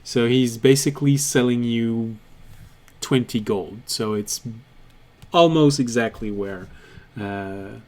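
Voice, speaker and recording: Slow-talking male game master. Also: mid-range voice, a little mellow. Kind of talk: narrating a tabletop game.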